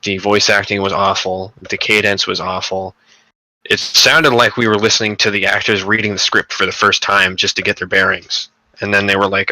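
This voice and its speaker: A man's voice: on the low side, flat delivery, normal speed, bright, forceful tone, no room sound, poor audio. A young man co-hosting a casual gaming podcast, rambling and profane, with lots of fillers and restarts. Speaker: podcast co-host.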